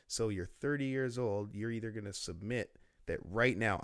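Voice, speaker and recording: A man talking as a guest in a casual interview, telling lively stories about business and laughing often. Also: fairly low pitch, moderate pace, clean tone, no room sound, clean studio sound. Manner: storytelling, animated, laughs often.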